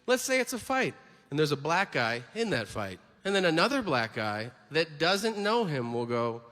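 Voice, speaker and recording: A man tells stories on stage in a brash, profane, animated stand-up set. His voice sits a little high for a man. The sound rings out in a big hall, with steady noise underneath. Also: unhurried. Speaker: stand-up comedian. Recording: echoey live hall with noise.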